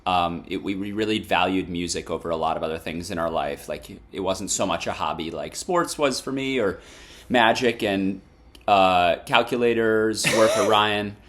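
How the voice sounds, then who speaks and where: A man's voice: low voice, moderate pace, a bit bright. A young man in a band, casually reading out fan questions and answering them in a playful, chatty way. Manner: playful, reads fan names and questions aloud. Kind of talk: casual interview chat.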